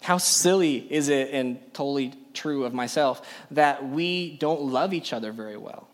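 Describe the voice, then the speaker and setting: A man's voice: medium pitch, normal speed. A young adult man preaching a sermon to a youth group, emphatic and full of rhetorical questions. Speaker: youth pastor.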